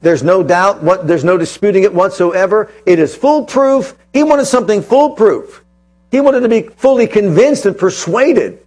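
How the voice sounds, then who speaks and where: A man's voice: high-pitched, animated, normal speed, darkish tone. A man preaching a sermon to his congregation, quoting scripture and asking emphatic rhetorical questions.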